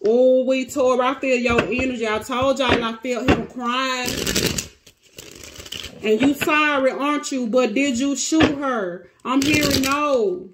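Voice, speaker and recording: A woman's voice: sits high, slow, heavy background noise. A woman with giving a casual, emotional tarot reading to her viewers, close to tears. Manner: emotional, dramatic, talks to cards and viewers. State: near tears. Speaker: tarot reader.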